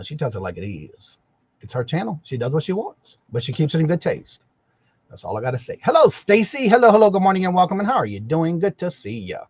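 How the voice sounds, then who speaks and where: A man's voice: on the high side, a little mellow, husky, dry recording, dull audio. A man hosting a casual morning livestream, greeting viewers by name and rambling in a folksy, self-correcting way. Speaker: livestream host. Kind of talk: casual live-chat morning show.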